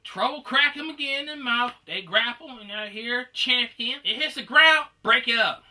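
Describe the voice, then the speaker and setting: A man from Detroit spins a rambling, foul-mouthed comedy story about old gym fights, now and then shouting out other people's lines. His voice is very bright and sharp, and it sounds a bit away from the mic. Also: very high voice, moderate pace, distant mic. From Detroit, USA. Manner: rambling, profane, acts out quoted shouting. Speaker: comedian telling gym stories. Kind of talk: profane storytelling monologue.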